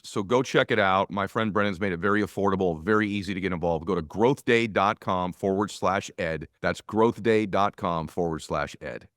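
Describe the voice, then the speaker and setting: Middle-aged guy hosting a podcast, lowish voice, punchy motivational energy, dry close mic. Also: dry recording. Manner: energetic, emphatic motivational delivery. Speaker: podcast host. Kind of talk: podcast interview and ad reads.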